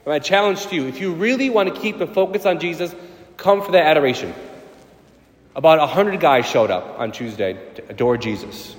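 A priest giving a sermon, animated, with sudden loud, high bursts of emphasis. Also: male voice, brisk. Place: church. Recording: echoey church with long reverb.

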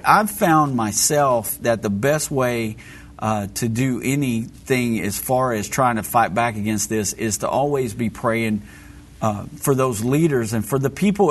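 A man's voice: mid-range voice, husky. A man calling into a radio show, speaking earnestly and piously in a rambling way. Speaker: caller.

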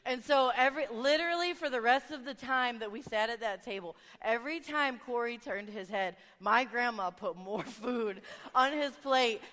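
A woman preaching a sermon, telling a family story with animated voices for the people in it. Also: a little high, moderate pace. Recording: long reverb of a large hall.

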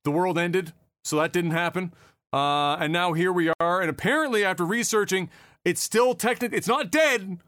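A man's voice: sits high, normal speed, a bit bright, no echo, clean studio sound. A man hosting a casual podcast, chatting and rambling about movies and games, swearing freely. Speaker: podcast host. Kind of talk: casual chat.

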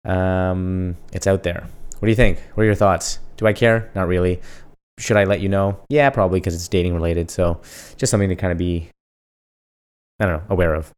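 Man, low voice, smooth, casual podcast host, jokey rhetorical questions. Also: fairly quick. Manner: asks himself questions and answers them, jokey and animated. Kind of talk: casual solo podcast monologue.

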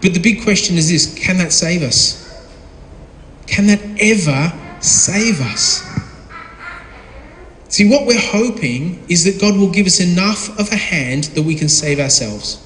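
A man with a high voice preaches a sermon, firing questions at his listeners and slipping into other voices. He is heard in a big room with a long, ringing echo. Faint ambient noise sits underneath. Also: lively intonation, a little slow, pauses often, fairly bright tone. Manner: asks the audience questions and acts out voices in quotes. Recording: echoey hall with long reverb, faint ambience.

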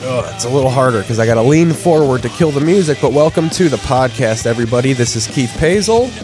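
A man's voice: mid-range voice, lively intonation, fast talker, over music. A man hosting a podcast while sick with covid, chatting casually in a rambling, crude, joking way. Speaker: podcast host. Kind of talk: casual profane chat.

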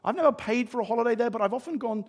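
A man's voice: very high voice, very fast. A man with an English accent preaching a sermon, telling stories and acting out little asides. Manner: animated storytelling with acted-out asides.

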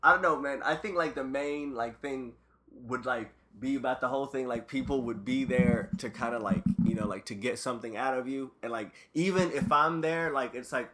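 A young man in loose, casual podcast talk, rambling with constant fillers. His voice is bright and forward, with a fairly middle pitch. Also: moderate pace. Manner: loose, rambling, frequent "like" fillers, laughs a lot. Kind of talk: casual chat.

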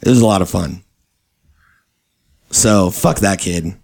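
A man's voice: low-pitched, slow pace, creaky, darkish tone. Laid-back young man telling a story. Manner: laid-back, swearing, mimics people in anecdotes. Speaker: podcast host. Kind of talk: casual storytelling chat.

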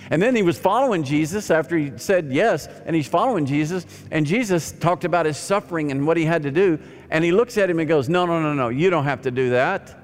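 A male pastor preaching a sermon, swinging from loud emphatic lines to soft, near-whispered ones. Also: a little high, fairly quick, hardly any pauses, a little hiss or hum. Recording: long hall reverb with faint music.

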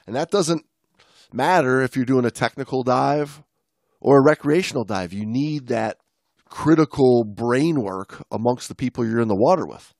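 A man's voice: medium pitch, normal speed, gravelly, dry recording, clean studio sound. A man co-hosting a podcast, chatting casually while reading from an article, with restarts and jokes. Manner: relaxed, stumbling restarts, joking. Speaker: podcast co-host.

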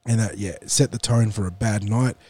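A man hosting a casual sports podcast, sounding nasal from the flu and talking in a measured, explanatory way. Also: on the low side, steady tone, darkish tone. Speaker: podcast host.

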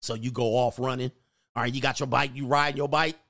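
A man hosting a casual commentary rant, telling stories in an animated way and acting out the voices of the people in them. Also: mid-range voice, fast. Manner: animated storytelling, acts out voices, laughs often. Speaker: host.

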